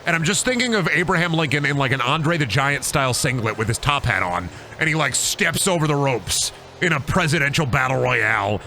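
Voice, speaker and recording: A man's voice: mid-range voice, lively intonation, a little fast, pushed and bright, faint music behind. A man streaming a game, rambling and joking about wrestling in casual commentary. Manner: rambling, jokey, riffs on wrestling bits. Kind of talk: casual let's-play commentary.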